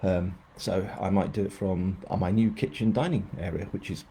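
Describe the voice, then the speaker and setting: A man's voice: low-pitched, steady tone, moderate pace, dark tone, a little hiss or hum. A man, an author chatting casually on a live stream, rambling and poking fun at himself. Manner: rambling, self-mocking.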